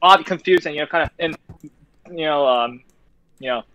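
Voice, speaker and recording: A man's voice: fairly high pitch, moderate pace, sharp tone, dull audio. A young man hosting a casual voice-call chat, rambling with plenty of fillers. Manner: rambling, lots of fillers and laughs. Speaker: host.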